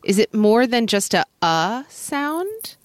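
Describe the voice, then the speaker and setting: A woman's voice: a little high, very animated, slow pace, no echo. A woman co-hosting a podcast, joking playfully in casual chat. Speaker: podcast co-host.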